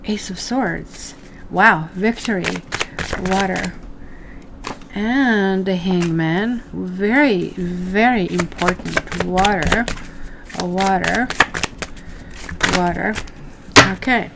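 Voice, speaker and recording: A woman's voice: on the low side, extremely slow, gravelly, long pauses, heavy background noise. A woman doing a chatty live tarot reading for viewers, full of fillers and asides. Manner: chatty, addresses viewers as guys, many fillers. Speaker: tarot reader.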